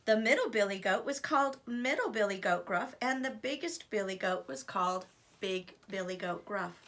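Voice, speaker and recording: Animated woman reading a children's story. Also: medium pitch, normal speed, a little hiss or hum. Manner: animated, expressive. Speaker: teacher reading aloud. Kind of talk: storybook read-aloud for children.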